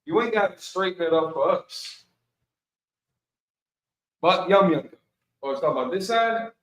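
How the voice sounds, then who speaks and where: Relaxed man teaching, echoey and distant. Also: sits high, moderate pace. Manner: casual, relaxed teaching with slang. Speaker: Bible Hebrew teacher. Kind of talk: online Bible study class. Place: Milwaukee, Wisconsin. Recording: echoey room, voice from far off the mic.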